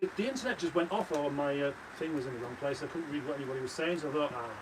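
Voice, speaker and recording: A man's voice: fairly high pitch, rapid-fire, over music. A British man bantering and teasing his friends on a casual livestream from a caravan. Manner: teasing, playful. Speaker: livestream co-host. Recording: noisy caravan livestream audio.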